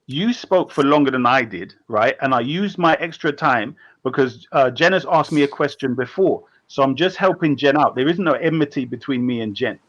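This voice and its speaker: A man's voice: medium pitch, lively intonation, normal speed, hardly any pauses. Combative man on a dull line. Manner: combative, shushes and interrupts. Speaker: debater. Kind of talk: heated live debate.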